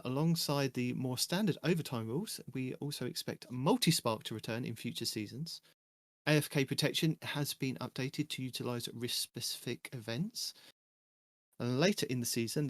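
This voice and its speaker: A man's voice: mid-range voice, dry recording. A man hosting a casual gaming podcast, chatting and reading through game update notes. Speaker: podcast host.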